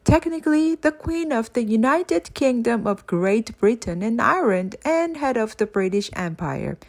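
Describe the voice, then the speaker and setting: A woman's voice: fairly high pitch, expressive, moderate pace. A woman reading aloud and voicing a haughty, stern old queen who snaps orders. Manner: imperious, snappish. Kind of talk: audiobook character voice.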